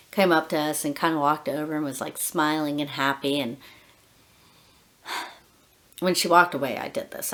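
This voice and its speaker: Low-voiced woman chatting candidly. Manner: candid, rambling, many fillers and soft laughs. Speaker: vlogger, dog groomer. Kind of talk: casual personal vlog.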